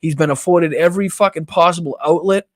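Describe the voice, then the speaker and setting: A man's voice: fairly high pitch, quick pace, dry recording. A man with a Boston accent hosting a political live stream, ranting with heavy profanity. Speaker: political podcast host.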